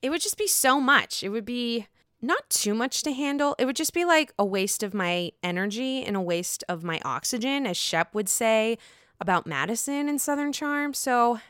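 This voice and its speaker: A woman's voice: fairly high pitch, expressive, normal speed, a bit bright, clean tone, no room sound, studio quality. A woman giving a casual, gossipy spoken recap of a reality TV episode, blunt, chatty and freely profane.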